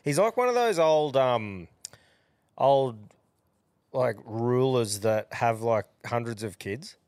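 A man's voice: medium pitch, slow, clean tone, dry recording. An Australian podcast host trades crude, laughing banter. His voice rises and falls with a lot of movement, and the sound is dry and close. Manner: swearing, laughing, lively.

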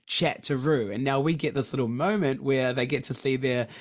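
A man's voice: medium pitch, moderate pace. A middle-aged man, co-hosting a podcast in casual chat, candid and effusive, talking openly about his feelings and swearing freely. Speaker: podcast co-host.

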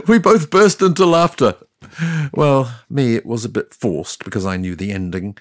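A man's voice: lowish voice, normal speed, darkish tone, no room sound, clean studio sound, lightly acted. A man plays God as a sardonic, chatty ancient deity, telling the story in a scripted comic monologue. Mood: wry.

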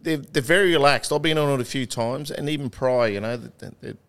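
An easygoing Australian man in his fifties chats as a podcast guest. He spins stories in a relaxed, unhurried way and laughs often, with a voice of ordinary middle pitch. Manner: laid-back anecdotal storytelling, laughs often. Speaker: podcast guest, former rugby league player. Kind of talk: casual chat.

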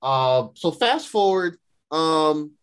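A man's voice: fairly high pitch, expressive, slow, a bit bright, smooth. A young man hosting a podcast, casually recapping a show in rambling slang. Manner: slangy, rambling, laughs often. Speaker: podcast host.

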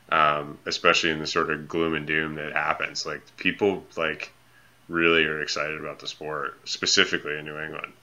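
A man guesting on a conversational interview, talking casually about his ski company and telling a relaxed, rambling story with plenty of fillers. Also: extremely low pitch.

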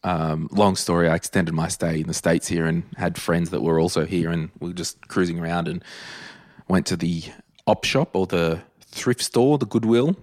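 A man with an Australian accent talks casually to his listeners as a podcast host. His voice sits very low, and the sound is dry and close. He is chatty and emphatic, hammering his points home by repeating them. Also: normal speed, a little mellow, no room sound. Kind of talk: casual solo podcast talk.

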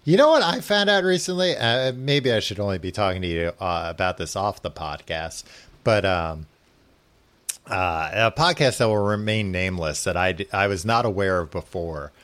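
A man's voice: low voice, animated, normal speed, a bit bright. A man co-hosting a podcast, dry and teasing, laughing often in casual comedic chat. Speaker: podcast co-host.

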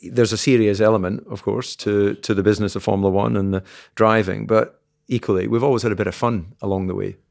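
A man's voice: fairly low pitch, fairly even intonation, quick pace, gravelly, a little mellow, no echo. A Scottish man co-hosting a podcast, chatting casually with dry, teasing humor. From Scotland. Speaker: podcast co-host. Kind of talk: casual chat.

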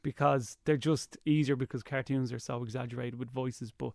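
A man's voice: medium pitch, fairly even intonation, moderate pace, creaky, dry recording, studio quality. A man chatting as a radio guest, joking and slipping into cartoon impressions. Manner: jokey, slips into cartoon voices. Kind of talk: casual chat.

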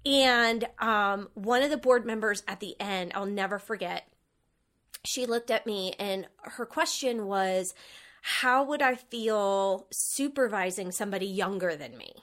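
A woman co-hosting a casual podcast chat, telling animated stories and laughing often. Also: mid-range voice, measured pace. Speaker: podcast co-host.

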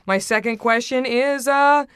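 A bubbly woman in her thirties with a Southern American drawl hosts a chatty beauty podcast. Her voice is smooth and clear, recorded close and dry in a studio. She jokes and teases herself as she talks. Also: a little high, steady tone, unhurried, fairly bright tone, dry recording. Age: 30s. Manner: bubbly, playful, self-mocking. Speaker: podcast host. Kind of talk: casual beauty podcast chat.

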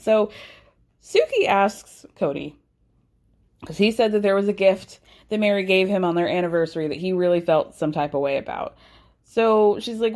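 A young adult woman hosting a casual, gossipy TV recap, sassy and animated, with sarcastic asides. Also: mid-range voice, normal speed. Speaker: recap podcast host.

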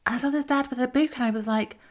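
A woman's voice: sits high, racing. A woman in her forties hosting an interview, chatty and agreeable, telling anecdotes and posing questions. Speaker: interviewer host. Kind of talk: conversational interview.

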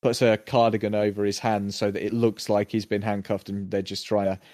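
A man's voice: lowish voice, little pitch movement, brisk, a little mellow, dry recording. A man in casual chat, recapping a TV episode and acting out the characters' lines. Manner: rambling, acts out characters' lines.

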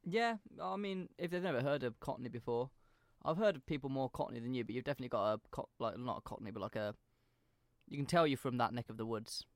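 A man with a slight Midlands accent, co-hosting a podcast in quick, casual conversation. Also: mid-range voice, dry recording, clean studio sound. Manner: quick, conversational, short agreeing replies. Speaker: podcast co-host. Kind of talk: casual chat.

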